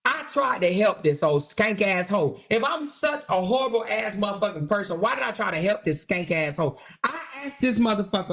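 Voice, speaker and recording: A woman's voice: mid-range voice, expressive, normal speed, few pauses, fairly bright tone. A woman hosting her own channel, talking in a casual rant that is blunt, profane and mocking and repeats phrases for emphasis. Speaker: channel host.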